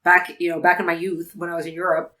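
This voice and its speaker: A woman's voice: lowish voice, level tone, quick pace, bright, forceful tone. Chatty woman in an echoey room. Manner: chatty, rambling, lots of restarts. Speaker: podcast co-host. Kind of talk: casual book review chat.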